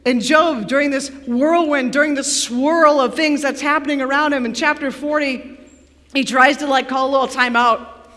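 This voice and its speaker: Bright-voiced woman preaching in a hall. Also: sits high, steady tone, moderate pace. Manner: dramatic, drops to a near hush for emphasis. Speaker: pastor. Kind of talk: sermon. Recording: long reverb of a large hall.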